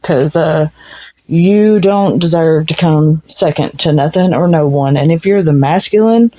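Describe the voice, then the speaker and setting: A woman's voice: low-pitched, moderate pace, dark tone. A woman giving a casual tarot reading, blunt and frank, swearing freely. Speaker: tarot reader. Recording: dull lo-fi sound.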